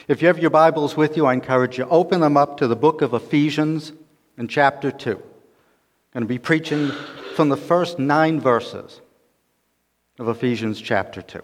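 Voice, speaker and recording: A man preaching a sermon, telling a story in a relaxed conversational way with fillers. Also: fairly high pitch, normal speed. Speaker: pastor. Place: church sanctuary. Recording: long church reverb.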